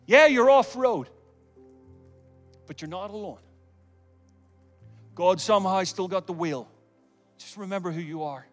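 A man preaching a sermon and leading an altar call, swinging from loud calls to hushed near-whispers, with humorous asides. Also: sits high, measured pace, pauses often, in a large hall, soft background music. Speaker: guest preacher. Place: large church auditorium.

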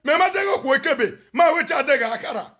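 A Nigerian man on a phone live video, ranting and chanting loudly, often shouting and switching between Pidgin and local languages. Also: extremely high pitch, expressive, fast talker. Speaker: social media personality on a live video. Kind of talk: animated live-stream rant and chanting.

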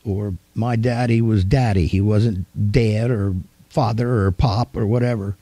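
An older man preaches in an easygoing, homespun storytelling style, his voice warm and mellow. He retells his memories vividly and with animation. The sound is dry and close, with no room around it. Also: fairly low pitch, fairly even intonation, measured pace, husky, dry recording. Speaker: pastor. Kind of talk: storytelling sermon.

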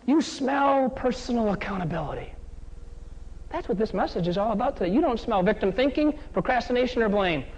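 A man with a rather high voice tells a story as a keynote speaker. He is animated and keeps asking the live audience questions. The recording is slightly dull and muffled. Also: long reverb tail. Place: conference hall with a live audience.

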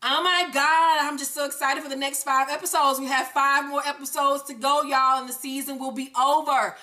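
High bright profane woman recapping TV. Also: normal speed. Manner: animated, profane, acts out characters. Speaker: TV recap host. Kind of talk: casual profane episode recap.

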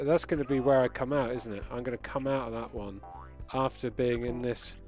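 A man giving live, amused commentary while he plays a retro game and reads chat. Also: mid-range voice. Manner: chatty, amused, reacting as he plays. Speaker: game streamer.

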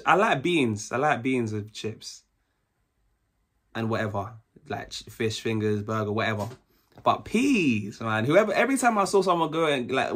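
A man's voice: mid-range voice, a bit bright. Young man chatting casually over a video. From United Kingdom. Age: young adult. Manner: chatty, rambling, lots of filler words. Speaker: reaction video host. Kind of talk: casual reaction commentary.

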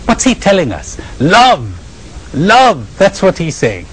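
A man with an Indian accent giving a spiritual lecture, telling stories emphatically with dramatic pauses and chuckles. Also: high-pitched, wildly swooping pitch, a bit bright, a little hiss or hum, poor audio. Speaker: spiritual retreat speaker.

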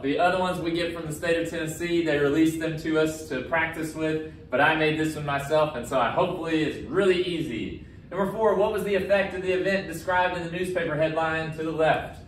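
A man teaching history in a relaxed, wisecracking manner as he works through practice questions. His voice sits a little high and comes from a few steps away from the mic. The room echoes, and a faint hiss runs underneath. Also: a little fast. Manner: casual and jokey, self-described as sarcastic. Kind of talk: recorded lesson walking through practice questions. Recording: roomy echo, distant from the mic, faint background noise.

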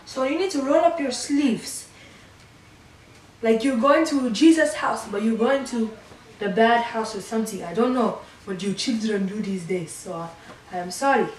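A middle-aged woman talks through a makeup challenge in a halting, rambling, playful way. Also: fairly high pitch. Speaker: mother doing a makeup challenge. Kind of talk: casual makeup tutorial. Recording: roomy echo, a little distant from the mic, faint background noise.

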